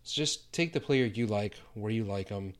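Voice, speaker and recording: A man co-hosting a podcast, giving tips in relaxed, teasing banter. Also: lowish voice, moderate pace. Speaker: podcast co-host. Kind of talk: casual chat.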